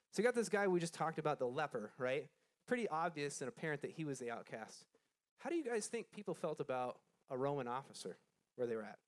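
Man teaching a Bible lesson to a group. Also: fairly high pitch. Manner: conversational, asks the group questions, frequent restarts; reads scripture aloud then explains it.

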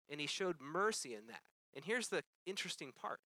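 A man's voice: a little high, sing-song, brisk, sharp tone, no room sound. A young man preaching a sermon, earnestly addressing his congregation as "guys" and asking them questions.

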